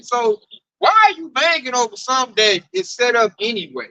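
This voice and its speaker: A man telling animated work stories in a casual chat, acting out his coworkers. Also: very high-pitched, brisk, no room sound, rough recording. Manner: animated, acts out coworkers' voices. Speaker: speaker at a group discussion.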